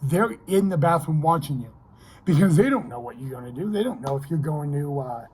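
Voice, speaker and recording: A man's voice: a little high, animated, a little fast, darkish tone, slightly rough, low-quality recording. A young man vlogging casually, telling a long personal story in a rambling way, repeating himself and checking in with "okay".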